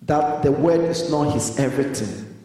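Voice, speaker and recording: A man preaching a sermon as pastor, pausing so the congregation can finish his sentences in call-and-response. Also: a little high, mellow. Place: church hall. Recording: echoey hall, voice from far off.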